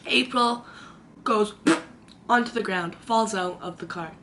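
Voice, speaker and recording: This young woman speaks slowly in a mid-range voice, filming a storytime vlog from her room over a noisy background. Chatty and dramatic, she acts out the quotes as she tells her story.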